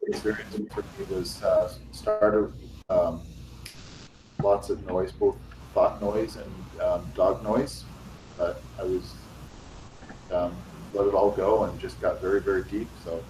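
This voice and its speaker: Low, halting man heard from afar. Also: level tone, noisy background. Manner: halting, full of fillers. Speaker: meditation student. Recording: distant, roomy video call audio.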